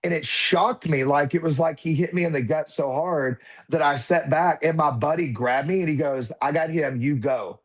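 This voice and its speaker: A man's voice: a little high, moderate pace, hardly any pauses. A man in his thirties, a podcast guest, telling a personal story in conversation and acting out what his children said. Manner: animated, acts out quotes of his children.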